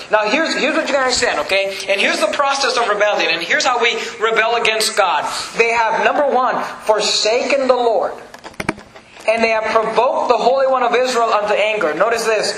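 A man's voice: high voice, bright, forceful tone, echoey room, a little hiss or hum, poor audio. A middle-aged man, a pastor, preaching a fervent, emphatic sermon in a church.

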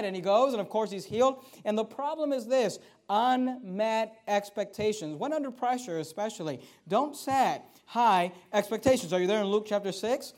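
A pastor preaching a sermon in a lively, conversational style, rising loud and dropping to soft asides. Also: male voice, sits high, normal speed, few pauses.

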